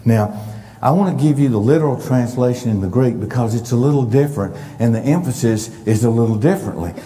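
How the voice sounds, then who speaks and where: A man preaching a sermon as pastor, emphatic and deliberate, leaning hard on key words. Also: medium pitch, dark tone. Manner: emphatic, stresses words for effect. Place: church sanctuary. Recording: long reverb of a church hall.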